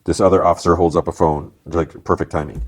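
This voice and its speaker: A man's voice: low voice, steady tone, quick pace. A man hosting a podcast, casually recapping a TV episode in a rambling way with many fillers. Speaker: podcast host.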